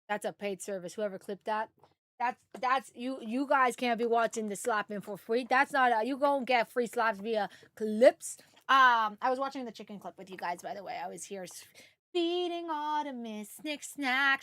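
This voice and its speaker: A woman's voice: a little high, bright, forceful tone. A woman streaming a video game, chatting casually with viewers, giggly and swearing freely, with many fillers. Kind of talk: casual live-stream chat.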